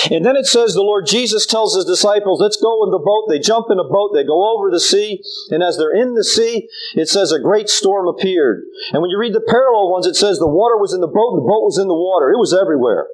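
An older man preaching a sermon, animated and folksy, telling stories with humor. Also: high voice, a little fast, rough recording. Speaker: pastor.

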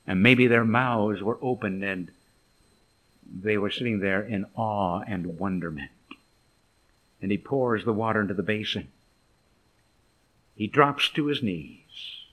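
A middle-aged man preaching a sermon, telling a scripture story dramatically, dropping to soft murmurs and rising to emphatic lines. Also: on the high side.

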